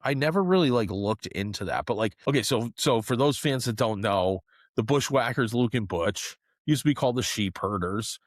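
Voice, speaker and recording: Animated, lively-voiced male podcast host. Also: medium pitch, moderate pace, no room sound, studio quality. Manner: animated storyteller, swears, says "man" and "dude" a lot. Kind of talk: casual chat.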